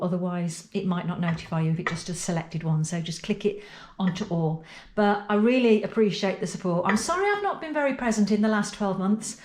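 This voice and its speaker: A woman's voice: mid-range voice, reverberant. A middle-aged woman, chatting casually in her home pottery studio while feeling unwell and tired. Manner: chatty, rambling, softly emotional. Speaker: pottery vlogger. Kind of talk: casual vlog talk to camera.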